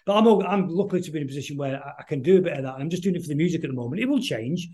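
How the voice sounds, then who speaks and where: A middle-aged man talks quickly and loosely as a guest on an interview podcast. His voice sits a little high for a man. He rambles, trips over his words and keeps restarting his sentences. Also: animated, mellow, breathy edge. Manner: rambling, halting, many restarts. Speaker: guest musician. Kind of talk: casual interview chat.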